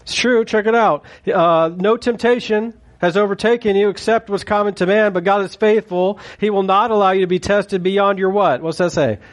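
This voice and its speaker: A man's voice: high-pitched, moderate pace, few pauses. A man preaching a sermon in a conversational, joking way, acting out quotes as he goes. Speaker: pastor.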